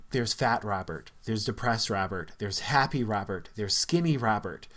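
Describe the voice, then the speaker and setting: A man's voice: mid-range voice, a bit bright. A man, talking earnestly and reflectively to camera in a casual vlog, with frequent fillers. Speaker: vlogger.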